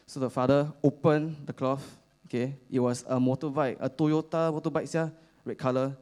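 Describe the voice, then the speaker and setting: Young singaporean guy telling a story at church, lots of uh and lah, halting and chatty, middle pitch. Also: steady tone, darkish tone. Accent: Singaporean English. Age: young adult. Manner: halting, many fillers, chatty with slang particles. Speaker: youth speaker at church. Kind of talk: casual storytelling sermon.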